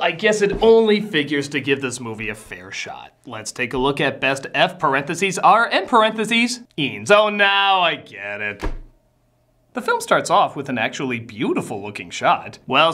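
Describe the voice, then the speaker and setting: A man hosting a comedic film review, sarcastic and exasperated, breaking into shouted outbursts. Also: fairly high pitch.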